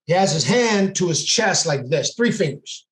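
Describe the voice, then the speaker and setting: A man's voice: high voice, very animated, normal speed. A man, a police sergeant on a podcast, telling a story intensely and acting out what people said. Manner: intense, quotes dialogue as he tells it. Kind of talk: casual storytelling. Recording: echoey room.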